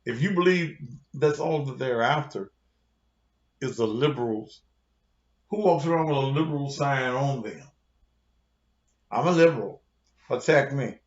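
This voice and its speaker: A man's voice: mid-range voice, normal speed, long pauses. A man who is a pastor, delivering a heated, confrontational rant full of cursing to his online audience. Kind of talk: profane livestream rant. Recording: roomy, dull lo-fi sound.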